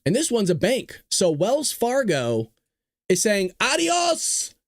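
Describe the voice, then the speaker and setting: A man in his thirties hosting a casual talk show, telling stories in an animated, joking way and laughing often. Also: sits high, a little slow, no room sound, clean studio sound. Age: 30s. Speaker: host of a political talk show. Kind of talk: casual livestream talk and storytelling.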